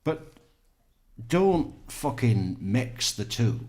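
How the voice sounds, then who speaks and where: A man voicing a blustering bigoted northern English man in a comedy sketch bit, loud, slow and emphatic. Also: mid-range voice, sing-song, pitched above the performer's own voice.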